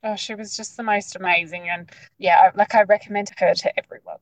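A woman's voice: medium pitch, fairly quick, no room sound, rough recording. Chatty woman, dry close sound. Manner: chatty, animated, lots of "like" fillers. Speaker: guest sharing her birth story. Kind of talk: casual storytelling.

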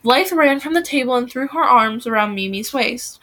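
A woman's voice: a little high, normal speed. A woman reading a novel aloud, voicing the dialogue with feeling and now and then restarting a phrase. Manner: reads with lively acted dialogue and occasional restarts. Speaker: reader.

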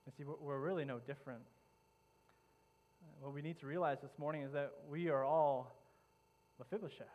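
A man's voice: a little high, moderate pace, lo-fi sound. A male pastor preaching a sermon, retelling a story dramatically with frequent repeats and restarts.

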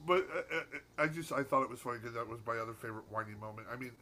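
A man's voice: medium pitch, racing, bright, forceful tone, a little hiss or hum. A man co-hosting a podcast in casual chat, rambling through stories with restarts and swearing. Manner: rambling, hesitant, profane. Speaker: podcast co-host.

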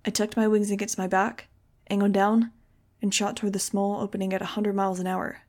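A woman reading a novel aloud in the first person, with steady, expressive storytelling. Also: medium pitch, brisk. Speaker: audiobook reader.

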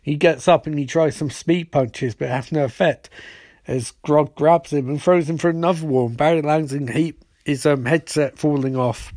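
A man hosting a podcast, recapping a TV episode in a rambling, sarcastic way and slipping into quick voiced quotes of the characters. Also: on the high side, a little mellow, no room sound, studio quality. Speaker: podcast host.

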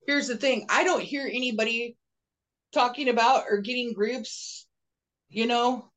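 A man's voice: extremely high pitch, fairly even intonation, unhurried, a bit bright. A man hosting a podcast, talking insistently and repeating himself as he tells stories. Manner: insistent, repetitive, storytelling. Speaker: podcast host. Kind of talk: casual podcast chat.

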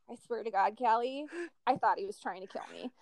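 A woman hosting a casual chat, telling a story with animated, profane delivery and lots of acted-out quotes. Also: on the high side, measured pace, dry recording.

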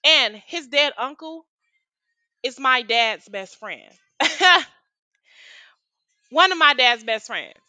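A woman's voice: sits high, animated, slow, pauses often, bright, forceful tone, dry recording. A young woman telling a story in a casual vlog, with lots of slang and profanity. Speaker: storytime vlogger.

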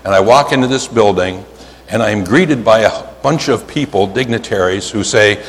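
Male preacher, Pennsylvania accent, animated and emphatic, long reverb of a big hall. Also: fairly low pitch, slight background noise. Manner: animated storytelling, drawn-out emphatic words, frequent "right?". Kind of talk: sermon. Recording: hall reverb, faint ambience.

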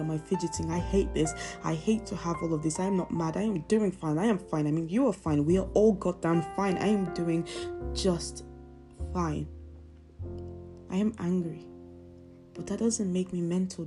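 A young woman with a low voice reads her own spoken word poetry, her delivery intense and emotional. Guitar music plays clearly behind her. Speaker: poetry podcast host.

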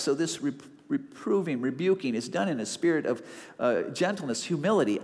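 A male pastor delivers a sermon with a slightly raised pitch, swinging between easygoing chat and acted-out asides. He talks to the congregation like friends, poking fun at himself. The sound carries a long church-hall reverb. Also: animated, moderate pace. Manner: conversational, self-deprecating preaching with acted-out asides.

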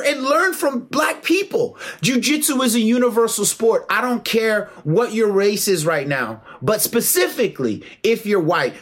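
A man's voice: high-pitched, a bit bright. A man giving an impassioned, preachy monologue about martial arts, emphatic and full of slang.

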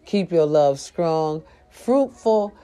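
An older grandmother in a casual vlog, giving animated, profane advice to her viewers and calling them y'all. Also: low voice, very slow. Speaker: vlogger. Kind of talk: casual straight-to-camera talk.

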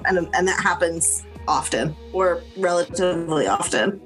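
Young woman cohost, lively and sweary, light music under her. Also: mid-range voice, a little fast, few pauses. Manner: animated, swears freely. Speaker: podcast co-host. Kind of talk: casual chat.

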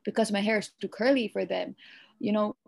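A woman's voice: mid-range voice, steady tone, brisk, gravelly. A young woman from Malaysia with a Eurasian-tinged accent, talking earnestly on a casual podcast, with lots of "you know"s. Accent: Malaysian English, Eurasian. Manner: earnest, talks in long runs with many "you know"s. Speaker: podcast host.

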